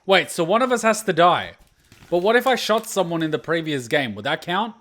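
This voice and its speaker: A man giving excitable, swear-laden reaction commentary while playing a game, rambling into side tangents. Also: on the high side, a little fast. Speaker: gaming YouTuber. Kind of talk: let's play reaction commentary.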